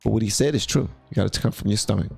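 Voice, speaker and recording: A man's voice: fairly low pitch, very fast, creaky, darkish tone, husky. A man hosting a reaction video, chatting casually and playfully, sometimes slipping into a rhyming preacher cadence.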